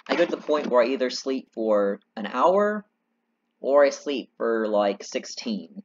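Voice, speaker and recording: This man's medium-pitched voice is animated yet unhurried as he gives loose, self-deprecating commentary over his gameplay. The recording lacks high frequencies, with synth game music in the background.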